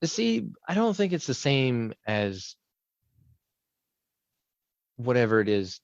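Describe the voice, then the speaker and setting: A man's voice: mid-range voice, very animated, takes it slowly, vocal fry, no room sound, dull audio. A man co-hosting a podcast, casually telling rambling stories and acting out what people said. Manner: rambling storyteller, acts out quotes. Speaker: podcast co-host. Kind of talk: casual chat.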